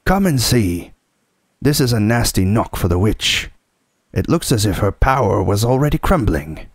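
A man voicing an excited male talking beaver who shouts with eager delight in a storybook reading. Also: fairly low pitch, measured pace, no echo, studio quality.

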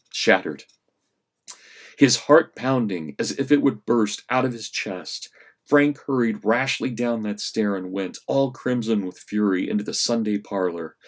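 A history professor reading a story aloud in class, expressive, rising for action and dropping low for menace. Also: male voice. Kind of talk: dramatic reading of a story in a lecture.

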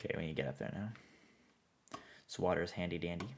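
A man's voice: low voice, a little fast, vocal fry, slight background noise. A man streaming a building game, reading chat aloud and answering in a rambling, easygoing way. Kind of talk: casual live-stream chat while playing.

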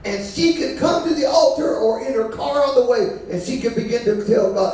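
A man preaches a sermon as a bishop in a conversational, call-and-response style, with the congregation answering him. His very high-pitched voice has lively intonation and a slightly mellow quality at normal speed. Recorded from far off in an echoey church, with soft background music.

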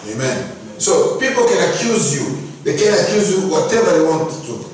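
A man's voice: high voice, big pitch swings, normal speed, a little mellow, slight background noise. A male pastor preaching a sermon, emphatic and repetitive, often asking the congregation if they follow. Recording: echoey hall from far off.

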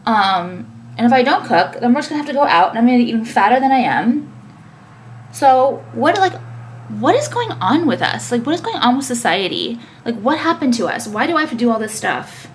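A woman's voice: a little high, very animated, a little fast, a little hiss or hum. A young woman talking casually to camera, ranting with many fillers and swearing. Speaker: vlogger and business owner.

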